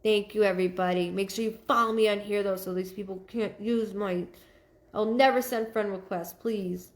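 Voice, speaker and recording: On a live stream, a woman acting as a psychic medium speaks at medium pitch with fairly even intonation. She thanks viewers individually by name and delivers messages in a halting, searching fashion.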